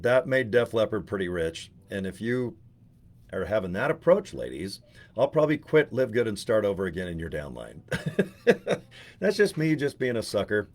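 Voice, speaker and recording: A man's voice: lowish voice, big pitch swings, normal speed, darkish tone. A man in his forties talking in a casual, rambling vlog monologue. He jokes, swears and mocks himself, with many asides and restarts. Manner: joking, profane, self-mocking. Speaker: network marketing affiliate.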